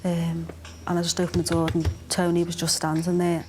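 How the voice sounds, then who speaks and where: A mother quietly recalling events in a documentary interview, numb and halting. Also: on the low side, monotone, faint music behind.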